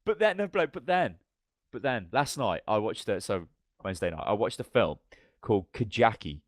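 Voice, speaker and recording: A man's voice: on the low side, lively intonation, moderate pace, dry recording, studio quality. A man co-hosting a podcast, telling long, rambling stories in casual chat. He swears freely and acts out the lines of the people in his stories. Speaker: podcast co-host.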